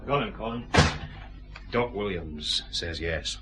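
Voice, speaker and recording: A man's voice: low-pitched, expressive, slow, bright, forceful tone, full character voice. An actor with a Scottish accent playing a terse police inspector who assists his chief in a radio drama. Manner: brief, gruff. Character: gruff male police inspector, the sidekick.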